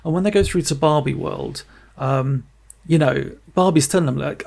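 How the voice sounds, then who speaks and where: An enthusiastic male podcast host reviews a film in loose, casual chat, swearing freely. His voice is gravelly. It sits somewhat high. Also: moderate pace, darkish tone.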